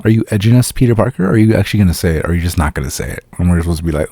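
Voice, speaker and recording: A man with a low, mellow voice talks through a film review in a loose, profane, sarcastic way. He keeps slipping into mocking impressions of the characters. The sound is dry and close. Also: no echo. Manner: profane, sarcastic, mimics characters in quick asides. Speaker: podcast host reviewing a film. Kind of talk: casual solo review.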